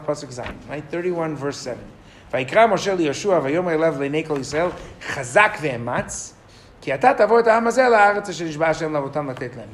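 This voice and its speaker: A man's voice: fairly high pitch, a little hiss or hum. A middle-aged man teaching a Torah lesson to a classroom, asking the students questions and reading Hebrew verses aloud.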